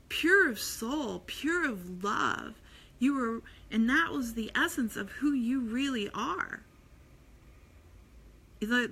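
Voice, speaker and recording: Middle aged lady rambling thru a spiritual pep talk, bright clear voice, lots of ums. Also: mid-range voice. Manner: rambling, many fillers and restarts, earnest. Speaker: spiritual vlogger. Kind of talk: casual inspirational talk.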